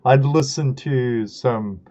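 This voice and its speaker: A middle-aged Southern California man hosts a live stream, rambling through stories and laughing at himself in casual chat. His medium-pitched voice is mellow and unhurried, and the stream audio is dull and lo-fi.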